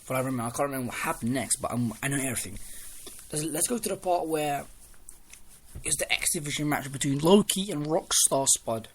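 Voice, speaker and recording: A man giving a casual spoken review of a wrestling show, rambling and excitable, restarting sentences as he retells the matches. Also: a little high, brisk, slightly rough. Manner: rambling, excitable recap with restarts and quoted lines.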